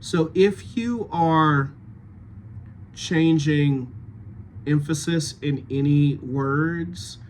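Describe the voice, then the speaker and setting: A man reads out rehearsal notes to his cast, pausing often as he thinks them through. He speaks at an unhurried, deliberate pace. A faint room ambience sits under his voice. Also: on the high side, slight background noise. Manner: thinking aloud, halting, many fillers. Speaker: dialect coach giving notes.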